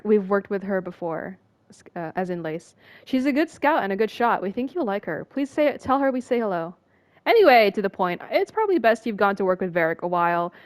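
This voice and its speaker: A woman's voice: medium pitch, darkish tone, dry recording. A woman streaming a game, reading in-game text aloud with casual asides and frequent laughter.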